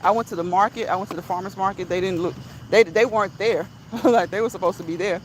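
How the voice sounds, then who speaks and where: A woman's voice: mid-range voice, fast, slight background noise, rough recording. Chatty woman walking and talking. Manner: chatty, laughs often, repeats phrases for emphasis. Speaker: host. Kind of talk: casual livestream chat reading viewer comments. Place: outdoors while walking.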